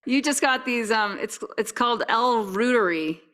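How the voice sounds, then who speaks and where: A woman's voice: a little high, normal speed, a bit bright. A woman who is a podcast guest, talking candidly and enthusiastically in a casual conversation.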